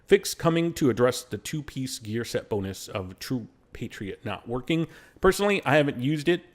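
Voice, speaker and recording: A man's voice: mid-range voice, animated, moderate pace. A man hosting a gaming channel, reading patch notes aloud in casual commentary, with blunt, sarcastic asides and slightly slurred diction.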